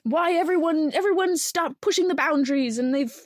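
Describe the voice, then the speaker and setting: Female podcast co-host, high pitch, dry mic; rambling casual recap. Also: no echo. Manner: rambling, acts out lines in quick voices. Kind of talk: casual chat recapping a film.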